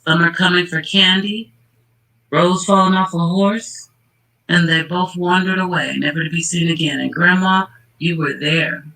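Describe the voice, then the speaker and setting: A man's voice: high-pitched, fairly even intonation, normal speed, pushed and bright, low-quality recording. A man hosting casual true-crime commentary, worked up and emphatic, calling out the people in the case directly. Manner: worked-up, emphatic, talks straight to the people involved. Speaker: channel host.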